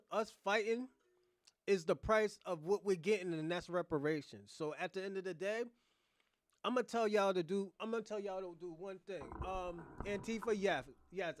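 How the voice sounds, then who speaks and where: A man with a high voice rants through a casual livestream commentary. He is blunt, profane and rambling. The sound is dry and close, with no room echo. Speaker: host of a reaction livestream.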